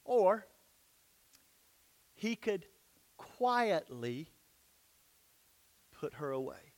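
Male pastor, high voice, dramatic sermon storyteller with hushed drops. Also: unhurried. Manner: dramatic storytelling with sudden drops to near-whisper.

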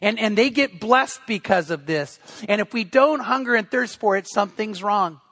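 A man's voice: high voice, expressive, normal speed, sharp tone, dry recording. A middle-aged man preaching a sermon, talking and telling stories in a conversational way and often restarting his sentences. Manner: storytelling, conversational with frequent restarts. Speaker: pastor.

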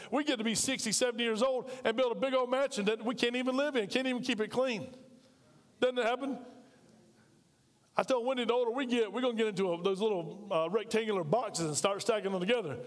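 In a large church, an American pastor with a high, fast voice preaches a sermon conversationally, drawing call-and-response from his congregation, his words filling the big hall.

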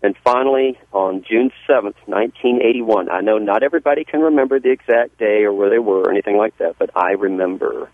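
Southern pastor on a tinny line. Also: male voice, on the low side, quick pace, hardly any pauses, no room sound. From Southern US (Georgia). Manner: earnest, folksy storytelling with frequent restarts. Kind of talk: testimony in a radio interview. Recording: dry, phone-like radio line.

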